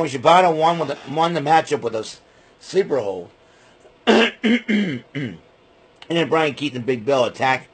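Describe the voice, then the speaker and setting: A man's voice: mid-range voice, breathy edge. A man giving a rambling, casual spoken recap of a wrestling show, often breaking into name-calling rants.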